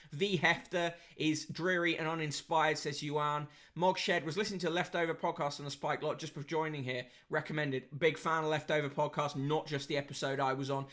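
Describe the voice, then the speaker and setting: A man's voice: a little high, pushed and bright. A man hosting a podcast and giving a sardonic, casual running review of newspapers, with plenty of fillers.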